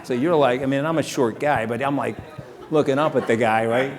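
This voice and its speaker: Man, middle-aged, interview guest, animated anecdote, quick talker. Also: medium pitch. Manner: fast, animated, acts out quoted voices. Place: event venue.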